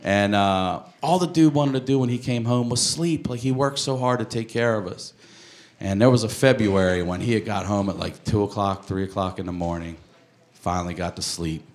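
A male stand-up comedian from the United States, telling a crude, animated story on a comedy club stage into a handheld mic. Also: fairly low pitch, normal speed. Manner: animated storytelling, crude jokes, bursts into shouted voices. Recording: live club recording, roomy, loud audience laughter.

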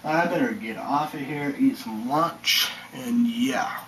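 A man's voice: mid-range voice, slow, a bit bright, slight background noise, low-quality recording. A man rambling through a casual vlog monologue, meandering and muttering, sometimes dropping to a whisper. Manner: meandering, mutters and drops to whispers, bursts into sung chants. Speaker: vlogger.

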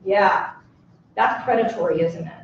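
A woman dog trainer lecturing a live audience, lively and acting out voices of dogs and people. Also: mid-range voice, unhurried, a little hiss or hum. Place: presentation room with audience. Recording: echoey room, mic from far off, dull sound.

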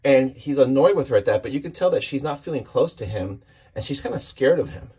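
A man with a husky, somewhat breathy voice in a middle register talks through a comic book page by page. He is eager and rambling, and he often trips over his words and starts his sentences again. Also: medium pitch, lively intonation, brisk, dark tone. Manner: enthusiastic, rambling with restarts. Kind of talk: casual comic book walkthrough.

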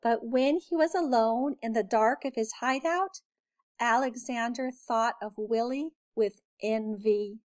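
A woman teacher reads a children's picture book aloud, her voice fairly high and her pace slow and deliberate. She shapes every phrase expressively for young listeners.

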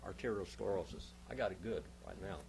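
A man's voice: deep voice, a little fast, creaky, darkish tone, a little hiss or hum. A male pastor teaching a Bible class, emphatic, stopping often to quiz his listeners with questions.

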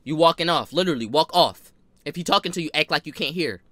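A man telling a story casually, animated and full of slang, swearing and repeating lines for emphasis. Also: fairly high pitch, quick pace, no room sound.

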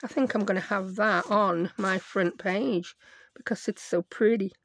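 A woman talks through her crafting at a home desk, chatting and thinking aloud as she goes. Her voice is croaky with a gravelly fry, set at an ordinary middle pitch. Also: measured pace. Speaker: craft video host.

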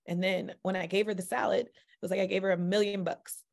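A woman telling a personal faith story in a chatty, animated way, with sudden jumps in pitch and speed and plenty of "like" and "you know.". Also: brisk, creaky. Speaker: mother sharing a personal testimony. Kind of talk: casual faith testimony storytelling.

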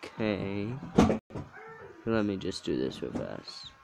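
A man's voice: deep voice, very animated, slow, vocal fry. A man giving casual, distracted play-by-play commentary while playing a video game. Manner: mumbling, distracted play-by-play with fillers. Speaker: gameplay video host.

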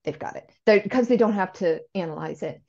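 A woman's voice: mid-range voice, brisk, gravelly, dark tone, muffled recording. A woman guest in an interview, explaining language learning in a thoughtful way, often correcting herself and acting out learner questions. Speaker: language education expert guest.

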